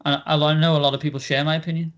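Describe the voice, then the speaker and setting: Young man, podcast co-host, loose rambling delivery, slightly high voice. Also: flat delivery, rapid-fire, fairly bright tone, highs cut off. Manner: rambling, laughs often, many fillers. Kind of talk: casual chat.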